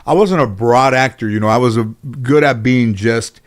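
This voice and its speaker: A man's voice: mid-range voice, moderate pace. A man sits as an interview guest and tells long, winding stories. He talks in a loose, casual way, full of restarts and "you know" fillers. He acts out other people's lines as he goes. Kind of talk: casual anecdotal storytelling.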